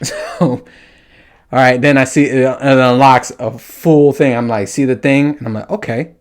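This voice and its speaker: A man's voice: medium pitch, normal speed. A man hosting a podcast, telling a story in a casual monologue, swearing often and acting out his own reactions. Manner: animated, profane, acts out his own reactions. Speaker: podcast host.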